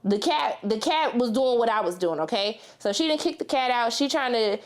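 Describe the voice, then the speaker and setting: A woman's voice: a little high, animated, normal speed. A woman chatting animatedly as a TV reviewer, slangy and talking straight to her viewers. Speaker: TV show reviewer. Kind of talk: casual review chat with personal story.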